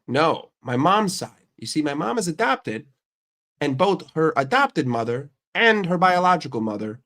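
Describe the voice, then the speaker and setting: A man's voice: fairly high pitch, a bit bright. Brash, swearing young American man. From United States. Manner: ranting, heavy swearing, brash. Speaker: streamer and channel host. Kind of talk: casual profane rant.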